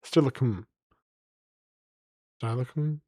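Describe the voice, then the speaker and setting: A man's voice: mid-range voice, takes it slowly, dark tone, no echo, clean studio sound. A man streaming live, rambling playfully to his chat as he reads place names aloud.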